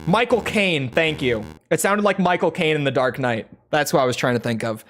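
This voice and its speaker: A woman's voice: a bass voice, expressive, fairly quick. A woman streaming a game, chatting casually, rambling and correcting herself as she goes. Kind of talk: casual live-stream chat.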